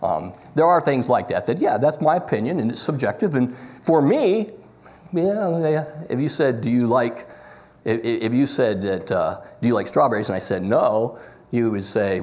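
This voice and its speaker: Lively man teaching a church class. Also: mid-range voice, moderate pace. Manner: lively, talky, jokes and goes off script.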